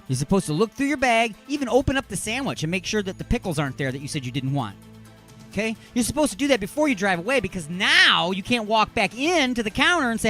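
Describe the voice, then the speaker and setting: Lively high-voiced joking radio host man. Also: fast talker, soft background music. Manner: joking, rambling and self-mocking asides. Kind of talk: comedic radio banter reading news stories. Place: internet radio studio.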